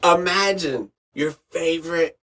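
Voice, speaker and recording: A man's voice: a little high, unhurried, over a noisy crowd. A middle-aged man, an actor and radio host, telling a story as a podcast guest and acting out the voices of people in it. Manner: animated storyteller acting out quoted voices, laughs often.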